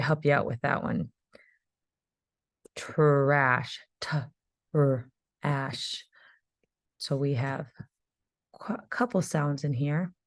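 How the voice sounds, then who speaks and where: A woman's voice: deep voice, darkish tone, no room sound. A woman teaching a phonics spelling lesson to young children, patiently sounding out words letter by letter.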